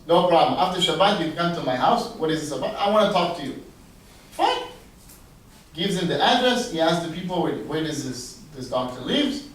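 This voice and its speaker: Animated storytelling rabbi, echoey room. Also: male voice, a little hiss or hum. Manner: animated, acts out quoted dialogue with big pitch leaps. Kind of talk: storytelling sermon. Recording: echoey room, voice heard from a distance.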